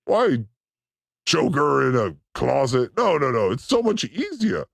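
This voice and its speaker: A man hosting a livestream, reacting to clips with crude, excitable jokes. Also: mid-range voice, unhurried, vocal fry, dry recording, studio quality. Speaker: show host reacting to clips. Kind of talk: livestream clip commentary.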